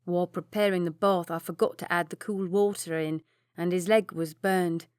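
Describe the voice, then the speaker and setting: Woman doing a nervous male valet, apologetic, hesitant, lowish voice, dry close sound. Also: fairly even intonation, moderate pace, darkish tone, smooth, dry recording, close to an everyday voice. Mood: contrite.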